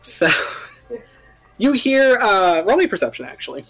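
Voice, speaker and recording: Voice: mid-range voice, sing-song, unhurried, faint music behind. A game master narrating a tabletop game, describing scenes in a loose, filler-heavy ramble.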